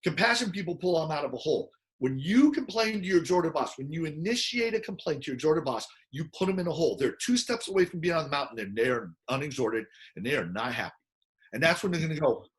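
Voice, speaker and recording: Animated man explaining with acted-out quotes. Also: fairly high pitch, fast. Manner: acts out quoted people with bursts of loud excited voice. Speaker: personality model speaker. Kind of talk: animated teaching talk.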